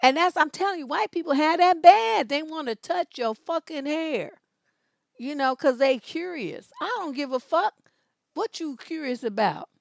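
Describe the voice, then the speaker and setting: A woman in her fifties hosting an advice show, telling stories bluntly with loud, profane emphasis. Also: high-pitched, lively intonation, normal speed, gravelly, no echo. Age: 50s.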